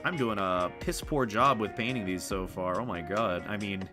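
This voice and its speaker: A man's voice: lowish voice, normal speed. A young man chatting casually on a livestream, rambling and self-deprecating, with some swearing. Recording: music playing behind the voice.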